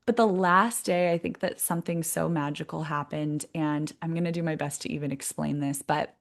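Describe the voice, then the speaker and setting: A woman with a slightly low voice talks as a podcast guest. She tells her story in a lively, conversational way and laughs often. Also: moderate pace, creaky. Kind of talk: casual interview storytelling.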